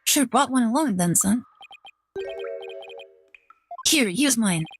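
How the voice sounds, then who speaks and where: A woman's voice: fairly high pitch, expressive, slow, soft background music. A woman voicing a bold, teasing middle-aged male rebel leader as she reads game dialogue.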